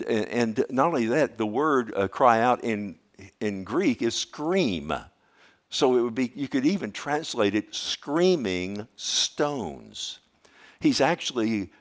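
A man with a lowish voice preaches to his congregation. He keeps asking them questions and moves between calm teaching and loud, forceful emphasis. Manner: swings between quiet explanation and loud emphatic stretches. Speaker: pastor. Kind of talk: sermon.

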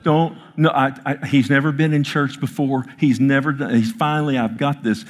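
Earnest pastor telling a story in a sermon. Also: male voice, mid-range voice, steady tone. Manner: earnest, emphatic, with halting restarts. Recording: long reverb of a large hall.

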